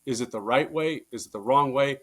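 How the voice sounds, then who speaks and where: A man, a baseball coach, talking through coaching stories in a casual interview, getting louder and higher when he presses a point and swearing casually. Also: brisk. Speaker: baseball coach, podcast guest. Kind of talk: casual conversational storytelling.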